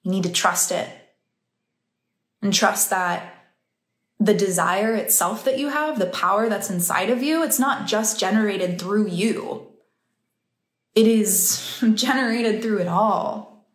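A woman's voice: mid-range voice, slow, long pauses, reverberant. A woman who teaches breathwork and meditation, talking in a casual, heartfelt motivational monologue and laughing easily.

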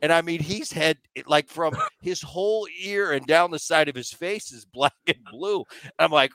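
A man in his fifties co-hosting a podcast, telling an animated story and acting out what people said. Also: a little high, normal speed, no room sound. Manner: animated, acts out quotes. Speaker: podcast co-host.

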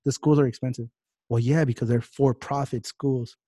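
A man's voice: mid-range voice, fairly even intonation, dark tone, breathy edge, dry recording, studio quality. A man hosting a podcast, ranting heatedly and swearing freely in casual talk. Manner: heated, profane, fast-talking rants. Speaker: podcast host. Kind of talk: casual political rant.

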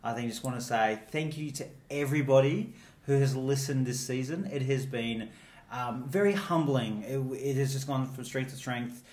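A man co-hosting a podcast, gushing and chatty with frequent laughs. His voice sits at an ordinary middle pitch for a man. The recording is roomy, with a noticeable echo off the walls. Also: normal speed, darkish tone. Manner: enthusiastic, gushing, laughs often. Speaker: podcast co-host. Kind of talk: casual chat. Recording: roomy echoey room.

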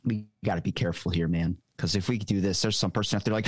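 A man's voice: low voice, steady tone, fast, hardly any pauses, breathy edge, no echo. An American man hosting a casual podcast chat, joking and slangy. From United States.

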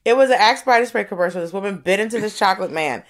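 Woman co-host, thirties, comedic storyteller, mid pitch, does little voices mid-anecdote. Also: racing. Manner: animated storyteller, acts out voices. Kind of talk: casual comedic chat.

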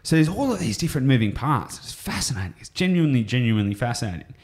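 A man's voice: medium pitch, big pitch swings, quick pace. An Australian man explaining property investing on a podcast, enthusiastic and rambling, often going off on tangents.

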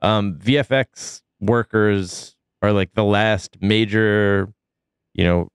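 A man co-hosting a podcast, talking through a cold in a deep gravelly voice, relaxed and full of ums. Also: takes it slowly, no echo, studio quality. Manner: relaxed, with many ums and uhs. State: sick, foggy. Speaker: podcast co-host. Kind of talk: casual news chat.

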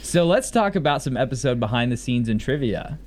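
A man's voice: mid-range voice, lively intonation, a little fast, darkish tone. A man from the US South who has lost most of his accent, casually recapping a TV episode as a podcast co-host in a rambling, enthusiastic way. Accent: lost Southern US accent, mostly general American. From Mississippi, US South.

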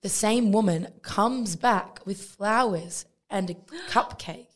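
A young woman co-hosting a podcast in a casual chat, animated and full of "like" fillers, acting out the quotes in her stories. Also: medium pitch, slow pace. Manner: chatty, lots of "like" fillers and restarts; animated storytelling, acts out quotes.

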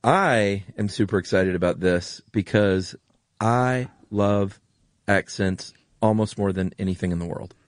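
A man's voice: lowish voice, measured pace, no room sound, studio quality. A man co-hosting a podcast in casual chat, enthusiastic and rambling. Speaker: podcast co-host.

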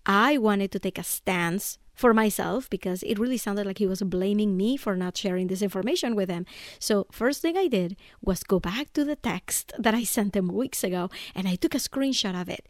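A woman's voice: medium pitch, no room sound, clean studio sound. A woman in her thirties hosting a podcast, talking casually on her own and telling a story, often checking in with "right?". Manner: chatty storyteller, keeps asking "right?". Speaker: podcast host. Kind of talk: casual solo monologue.

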